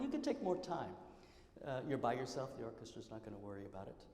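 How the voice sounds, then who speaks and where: A man's voice: a little high, fast talker. A man giving a public piano masterclass, counting beats aloud, scatting rhythms and explaining phrasing to a student. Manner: sings and scats rhythms loudly between quiet explanations. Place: recital hall. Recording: roomy hall, piano playing behind.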